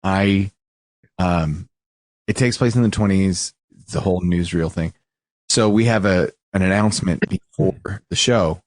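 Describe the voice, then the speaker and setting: Male podcast host, lowish voice, animated, laughs a lot, dead-dry sound. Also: unhurried, dry recording. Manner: animated, laughing, stumbling restarts. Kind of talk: casual podcast banter.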